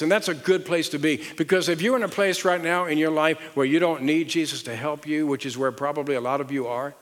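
A man's voice: on the high side, fast talker, hardly any pauses. A middle-aged man with a Southern American accent preaching a sermon as pastor, telling stories and asking the audience questions. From Southern United States. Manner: animated storytelling with rhetorical questions and audience call-and-response. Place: large church auditorium on stage. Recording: long hall reverb.

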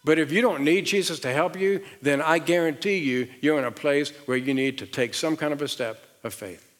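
Speaking at a moderate pace in a fairly high voice, a middle-aged Southern pastor with a Southern American accent delivers a sermon from the stage of a big church auditorium. His storytelling is animated, full of rhetorical questions and audience call-and-response, and the recording carries a long hall reverb.

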